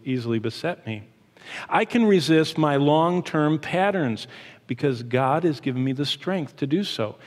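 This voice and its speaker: A middle-aged man preaching a sermon as pastor, animated, shifting his pace and emphasis as he teaches. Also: fairly high pitch. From Michigan, USA. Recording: long hall reverb.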